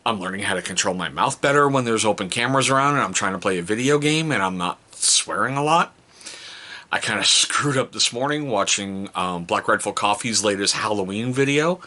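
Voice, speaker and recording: A middle-aged father tells funny stories about his children in a casual home vlog. His voice sits low but jumps all over the place, and the tone is bright and forward. He talks in a loose, joking way. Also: fairly quick. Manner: animated, jokey, mimics his kids in high voices. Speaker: vlogger, father.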